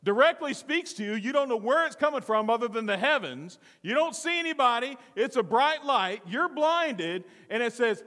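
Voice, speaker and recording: A man preaching a sermon with dramatic swings from loud to hushed, acting out the voices in the story. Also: very high voice, animated, normal speed, few pauses, in a large hall. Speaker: pastor.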